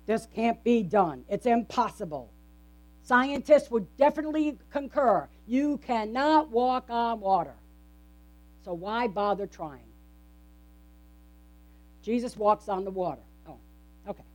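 A woman's voice: fairly high pitch, lively intonation, a little slow, long pauses, darkish tone. A woman pastor delivering a conversational sermon in a church, often asking the congregation questions. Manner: conversational, asks the congregation frequent rhetorical questions.

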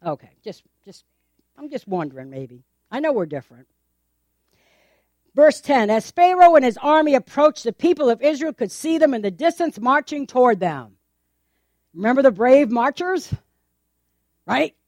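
A woman pastor preaching a sermon in a church, animated and acting out the voices of the people in her story, laughing often. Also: high-pitched, moderate pace, no room sound, clean studio sound.

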